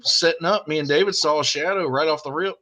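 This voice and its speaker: A man's voice: fairly high pitch, fast talker, a loud crowd. Matter-of-fact, teasing man. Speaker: paranormal investigator guest. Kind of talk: casual podcast chat.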